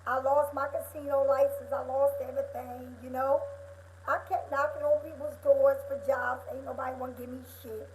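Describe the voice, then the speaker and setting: A woman's voice: high voice, flat delivery, moderate pace, a little mellow, a little hiss or hum, low-quality recording. A woman tarot reader giving a live motivational talk, speaking straight to her viewers in an emphatic, preachy way, repeating her points and calling them honey and girl.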